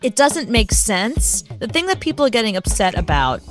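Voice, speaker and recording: A woman co-hosting a radio show, telling a story in an animated, chatty way and laughing easily. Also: on the high side, normal speed, soft background music. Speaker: radio co-host. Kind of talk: casual radio chat.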